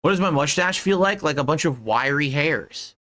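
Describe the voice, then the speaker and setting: A man from Connecticut talks in casual podcast chat with a bright, forceful tone. The sound is dry and close, with no room around him, and he rambles through explanations. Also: fairly high pitch, animated, moderate pace, no echo. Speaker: streamer.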